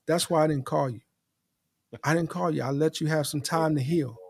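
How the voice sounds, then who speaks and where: A man's voice: fairly high pitch, steady tone, moderate pace, a little hiss or hum. A man co-hosting a sports fan show, teasing a rival fan in casual chat and repeating his phrases. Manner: playful trash talk, repeats phrases. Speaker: podcast co-host.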